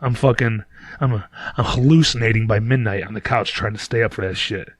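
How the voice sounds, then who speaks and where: A man's voice: lowish voice, fairly quick, no echo. A man from Detroit, a podcast host who tells a story in a casual, rambling, profane way. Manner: profane, rambling, laid-back.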